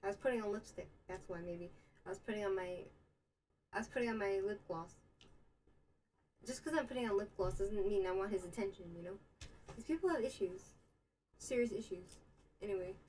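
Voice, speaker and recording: A woman's voice: medium pitch, brisk, pauses often, darkish tone, slight background noise, poor audio. Chatty rambling young woman streamer. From United States. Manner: rambling, chatty, with many fillers and asides. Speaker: livestream host. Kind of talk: casual chat reading live comments. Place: Israel.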